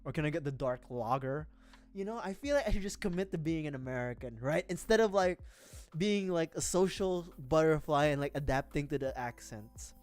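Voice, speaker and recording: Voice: medium pitch, expressive, brisk, darkish tone. A streamer from the Philippines chatting casually on a livestream, rambling, self-mocking and laughing often.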